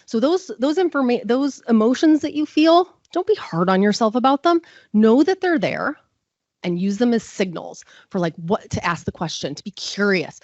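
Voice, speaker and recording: A woman's voice: on the high side, very animated, normal speed, a little mellow, no room sound, lo-fi sound. A woman giving a live conference talk, chatty and self-deprecating, full of fillers. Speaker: conference presenter.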